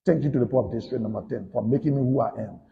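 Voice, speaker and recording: A man with a Liberian English accent, a politician giving a combative, accusing rant that swings between shouting and muttering. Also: medium pitch, racing, gravelly, in a large hall, narrow, tinny audio, slight background noise.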